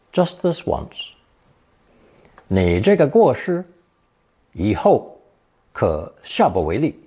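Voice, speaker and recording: A man narrating a scripted language lesson, reading example sentences slowly and then translating each one. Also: mid-range voice, dark tone, breathy edge. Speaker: language teacher.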